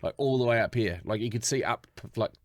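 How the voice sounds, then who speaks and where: A man co-hosting a casual podcast, telling stories in an animated, sweary way. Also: medium pitch, a little fast. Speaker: podcast co-host.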